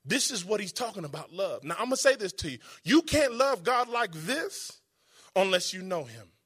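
A man with a high, bright voice preaching a sermon. He talks to the congregation like a conversation, then slows right down to lean on every quoted verse. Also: big pitch swings, breathy edge. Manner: emphatic, conversational preaching with dramatic pauses and slowed quotes.

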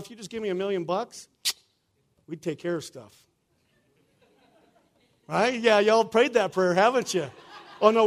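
High-voiced pastor preaching casually. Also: male voice, darkish tone. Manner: conversational, keeps asking "right?" and "y'all". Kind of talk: sermon.

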